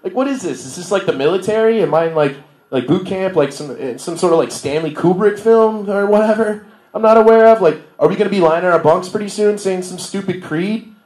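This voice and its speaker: A man's voice: sits high, a little fast, darkish tone. A man in his thirties doing a stand-up comedy set in a bar, loose and self-deprecating, often laughing at his own jokes. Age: 30s. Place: bar room with a live audience. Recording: roomy live venue sound.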